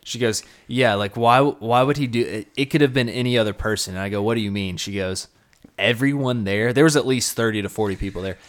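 A man's voice: on the low side, a little fast. A young man co-hosting a casual podcast chat, telling a story and acting out the quoted lines. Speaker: podcast co-host.

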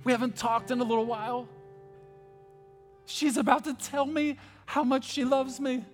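A man voicing an eager, excited God looking down from heaven, speaking with giddy, breathless anticipation. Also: extremely high pitch, moderate pace, voice pushed up. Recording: long church hall reverb, faint guitar.

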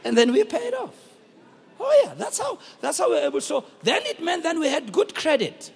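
A middle-aged man with a South African accent preaching a sermon, telling a story and calling out to the congregation in shouted, sung-out bursts. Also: very high voice, sing-song, moderate pace, gravelly, long reverb tail. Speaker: pastor.

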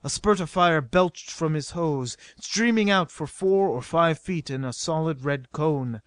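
A man reading an adventure novel aloud as narrator, with a steady, dramatic delivery. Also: a little high, measured pace, dry recording. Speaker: audiobook narrator.

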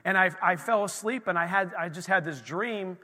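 Man preaching, high voice, bright, lively storytelling, echoing hall. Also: moderate pace. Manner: animated, acts out quoted voices, folksy asides. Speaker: pastor. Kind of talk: energetic sermon storytelling. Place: church sanctuary. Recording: reverberant hall.

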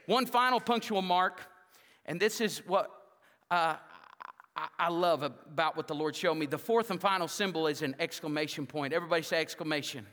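A man preaches from the pulpit with a high, bright voice that rings through a large reverberant sanctuary. He rallies the congregation with loud exhortations, then drops to a near-hush for personal appeals. The long tail of the room hangs after each phrase. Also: moderate pace. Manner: rousing preacher, swings from loud exhortation to hushed intimacy. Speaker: pastor. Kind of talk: sermon. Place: church sanctuary.

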